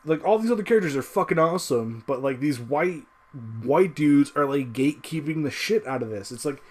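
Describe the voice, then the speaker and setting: A man in a casual solo rant, frustrated and swearing constantly. His voice sits a little high and swings widely as he pushes his points. The delivery is loose and emphatic, full of restarts and fillers. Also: fairly quick. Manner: profane, heated, lively swings in pitch. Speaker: video creator.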